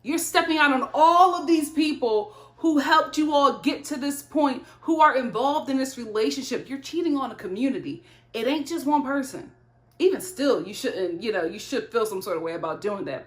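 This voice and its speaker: Animated woman recapping reality TV. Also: fairly high pitch, normal speed, echoey room. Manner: animated, laughing, gossipy asides. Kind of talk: casual recap commentary.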